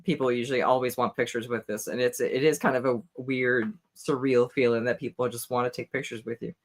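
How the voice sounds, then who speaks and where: A man co-hosting a podcast, speaking in casual chat, relaxed and chuckling, with many "you know"s. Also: mid-range voice, fairly quick. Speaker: podcast co-host.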